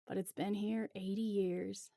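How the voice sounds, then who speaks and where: Woman doing a folksy middle-aged man, hearty and jokey, slow, gravelly, mellow. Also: mid-range voice, flat delivery, no room sound, clean studio sound. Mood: nostalgic.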